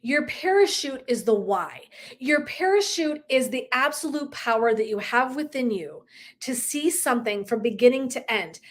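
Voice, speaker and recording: A woman's voice: high voice, very animated, moderate pace. A woman coach giving a live motivational talk, emphatic and profane, who laughs often and acts out little dialogues. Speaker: wellness and life coach.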